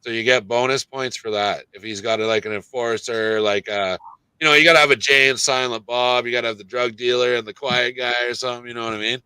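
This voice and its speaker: Bright, clear-voiced man hosting casually. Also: medium pitch, steady tone, fast, no room sound, poor audio. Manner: loose, joking, frequent fillers. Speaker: podcast host. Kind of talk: casual panel chat.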